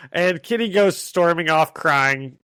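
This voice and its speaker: A man's voice: fairly high pitch, animated, slow, a bit bright, clear, resonant tone, no echo. A man co-hosting a casual comic-book podcast, recapping the story and laughing often. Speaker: podcast co-host.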